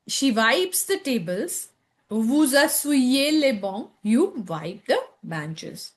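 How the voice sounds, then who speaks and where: Slow-paced Indian woman teaching French. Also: fairly high pitch. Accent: Indian English. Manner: reads French lines then translates to English, checks in with "okay?". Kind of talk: textbook lesson walkthrough.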